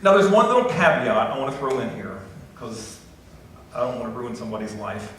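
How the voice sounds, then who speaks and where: Folksy preacher in an echoey church. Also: male voice, medium pitch, expressive, a little fast, a bit bright, slight background noise. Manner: folksy, conversational preaching with self-deprecating asides. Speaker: pastor. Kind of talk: sermon. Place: church sanctuary. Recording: echoey church recording from a distance.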